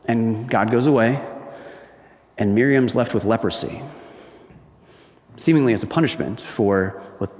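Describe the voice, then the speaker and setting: A man's voice: medium pitch, unhurried, pauses often, a little mellow. A man preaching a sermon in a church. He talks in a conversational way, asks the congregation questions and acts out quoted voices. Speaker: pastor. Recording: echoey hall with long reverb.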